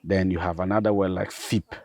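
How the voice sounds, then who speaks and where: A man, a pastor, patiently explaining vowel sounds and repeating each example word slowly. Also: deep voice, fairly even intonation, a little mellow. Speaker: pastor and language teacher.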